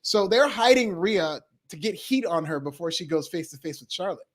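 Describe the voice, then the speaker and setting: A man co-hosting a casual podcast in a high voice that swoops up and down as he talks. He sounds enthusiastic and laughs often. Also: lively intonation, normal speed. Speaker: podcast co-host. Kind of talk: casual wrestling podcast chat.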